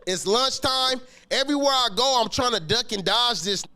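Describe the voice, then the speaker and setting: A man telling a story about his school days in a casual, slangy, animated way, swearing often and acting out the scenes. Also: extremely high pitch, moderate pace, clear, resonant tone. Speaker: podcast guest telling a story.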